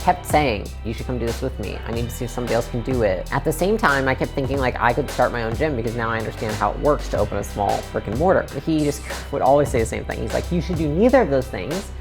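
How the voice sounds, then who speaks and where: Very low-voiced woman telling her story. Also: lively intonation, quick pace, hardly any pauses, music in the background. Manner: conversational, frequent "like" fillers, acts out quoted lines. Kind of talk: casual storytelling.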